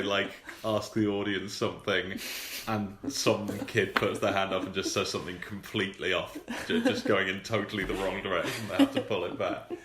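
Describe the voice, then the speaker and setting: A man's voice: on the low side, reverberant, background noise. A man co-hosting a casual film chat, with wry, dry understatement. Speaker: podcast co-host.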